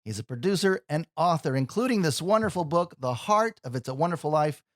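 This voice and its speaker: Earnest radio host, dry sound. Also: male voice, a little high, expressive, fairly quick, dry recording. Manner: warm-hearted, earnest, emotional. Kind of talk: radio interview.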